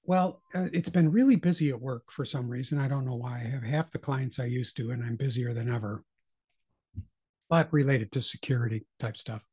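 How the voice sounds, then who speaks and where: A middle-aged man with a husky, slightly breathy voice talks in a loose, chatty way as a podcast co-host. He jokes about himself and keeps the conversation rolling. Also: mid-range voice, moderate pace, mellow. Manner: chatty, joking, self-deprecating. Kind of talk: casual chat.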